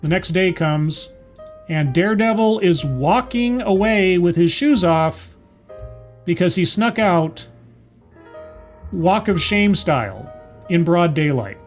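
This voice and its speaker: A man with a fairly high voice reviews a TV episode in a loose, chatty recap. His delivery is sarcastic and mocking. Faint music sits under the voice. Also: lively intonation, slow, long pauses. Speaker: TV show reviewer.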